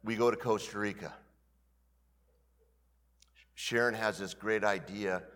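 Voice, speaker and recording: A man in his fifties preaching as pastor, telling a personal story in an animated way that swings between loud bursts and hushed asides. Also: lowish voice, measured pace, long reverb tail. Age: 50s. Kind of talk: storytelling sermon.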